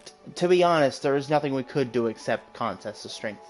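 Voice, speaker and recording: Man voicing a wise elf archer master, put-on British accent, formal and measured, game dialogue read aloud, faint music behind. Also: medium pitch, lively intonation, close to an everyday voice. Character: calm wise male elf guildmaster archer.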